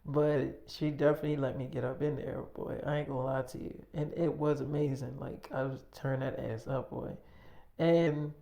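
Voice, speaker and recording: A man's voice: on the high side, vocal fry, darkish tone. A young man, casually telling an improvised story in a boastful, slangy way.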